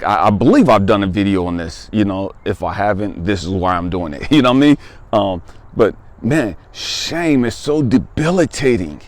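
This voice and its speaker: Animated, emphatic man in his fifties. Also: lowish voice. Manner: emphatic, conversational, repeats phrases for weight. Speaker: spiritual life coach. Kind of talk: personal testimony monologue.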